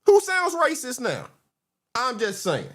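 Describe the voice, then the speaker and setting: A man's voice: very high-pitched, huge pitch swings, a little slow, fairly bright tone. A man in casual panel chat, arguing and repeating his questions.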